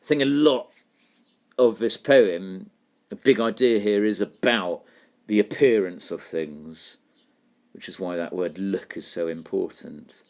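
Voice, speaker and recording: A man's voice: deep voice, a little slow, darkish tone. A man teaching a poetry lesson, thinking aloud and putting questions to his students. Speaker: English literature teacher.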